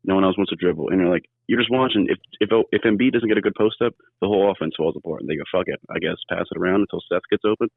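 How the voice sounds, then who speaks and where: A man calling in to a casual sports chat, telling rambling, animated stories. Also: sits low, racing, vocal fry, hardly any pauses, breathy edge, no echo. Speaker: caller. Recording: tinny phone line.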